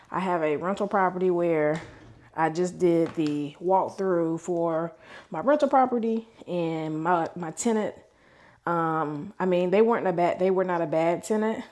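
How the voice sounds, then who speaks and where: A woman's voice: lowish voice, darkish tone. A woman in her thirties talking candidly to camera in a casual vlog, venting about her week and swearing freely. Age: 30s. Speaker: vlogger.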